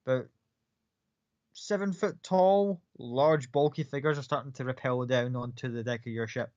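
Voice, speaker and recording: A man's voice: mid-range voice, normal speed, a little mellow, no echo. Laid-back male game master, dull recording. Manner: casual, rambling with fillers and swearing. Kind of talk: narrating a tabletop game. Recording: dull lo-fi, dry.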